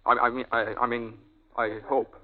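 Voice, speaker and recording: A man's voice: medium pitch, flat delivery, moderate pace, close to an everyday voice. An actor in a 1940s radio play playing a flustered young man who stammers and trips over his words. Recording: tinny, hissy old radio broadcast.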